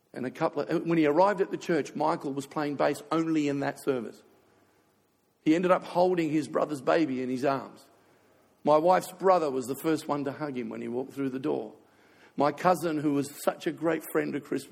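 A man's voice: fairly high pitch, normal speed, gravelly, in a large hall. An older man preaching a sermon as a pastor, telling a heartfelt personal story in an emotional way, fighting back tears.

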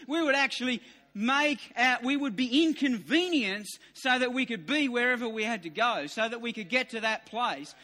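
High, bright-voiced preacher. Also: male voice, animated, normal speed. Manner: emphatic and repetitive, rising to near shouts. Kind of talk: sermon. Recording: long reverb of a large hall.

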